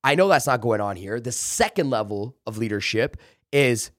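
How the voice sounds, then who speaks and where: A man's voice: mid-range voice, animated, moderate pace, no room sound, studio quality. A man talking as a sales trainer in a casual podcast interview, emphatic and coaching, acting out pep talks. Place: office.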